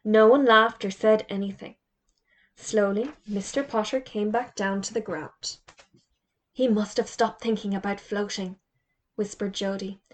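A woman's voice: medium pitch, unhurried. A woman reading a children's story aloud, lifting her voice for the characters' lines. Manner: lively, acts out dialogue in raised voices.

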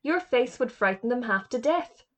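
A woman's voice: fairly high pitch, expressive, normal speed, fairly bright tone. A woman reading aloud, voicing a rude, sneering schoolboy in a storybook. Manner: sneering, insolent.

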